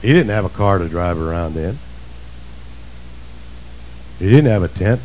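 A male preacher delivering a sermon, emphatic and swinging between shouts and low asides. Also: lively intonation, unhurried, a little hiss or hum, poor audio.

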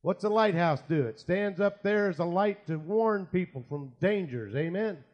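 Man preaching, high voice, storytelling sermon, quiet asides and loud bursts. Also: expressive, moderate pace, lo-fi sound. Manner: storytelling, voices quoted people, swings from quiet asides to loud shouted prayer. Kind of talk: sermon with acted anecdotes.

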